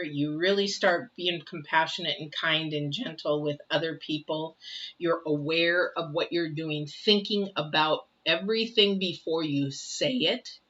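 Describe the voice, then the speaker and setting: Lowish yet bright and forceful, an older woman's voice delivers a casual tarot reading. She chats on, repeating phrases and posing rhetorical questions, and the recording is dull and lo-fi.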